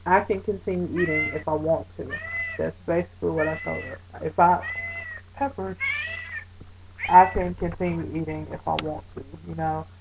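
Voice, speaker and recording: Woman vlogger, lowish mellow voice, chatty and animated, lo-fi webcam sound. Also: vocal fry, slightly rough. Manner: chatty, frequent fillers; animated retelling. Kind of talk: casual talk to camera.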